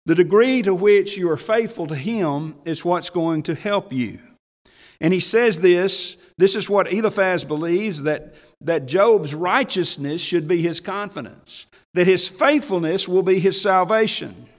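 A man preaching a sermon as pastor, folksy and chuckling, swinging between hushed asides and raised emphasis. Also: high-pitched, normal speed. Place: church sanctuary. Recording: long hall reverb from church.

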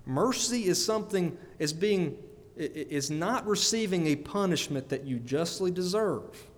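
Male preacher with a higher voice, earnest and questioning, long reverb tail. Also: animated, measured pace. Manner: earnest, repeats words, asks the listeners questions. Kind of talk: sermon.

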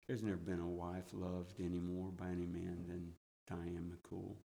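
A middle-aged man preaching a sermon, telling personal stories earnestly and building with excitement. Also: deep voice, a little slow, vocal fry. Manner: earnest storytelling, swelling with excitement. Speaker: church elder preaching. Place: church sanctuary. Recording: long church hall reverb.

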